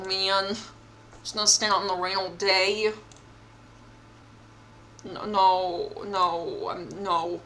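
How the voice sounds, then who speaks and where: Young woman, streamer, slow delivery, giggly, chatty, mock-indignant, faint background noise. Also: mid-range voice, fairly bright tone. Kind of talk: reading game text and reacting while playing.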